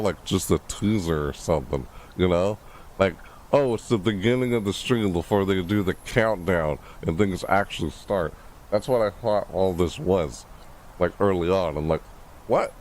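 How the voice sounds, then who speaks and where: A man streaming a live reaction, thinking aloud, rambling and correcting himself, with excitable bursts. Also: slight background noise. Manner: excitable, bursts into high shouts.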